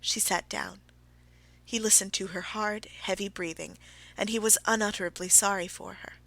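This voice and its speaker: Bright-voiced woman audiobook narrator. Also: mid-range voice, steady tone, normal speed, gravelly, no room sound. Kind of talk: classic novel narration.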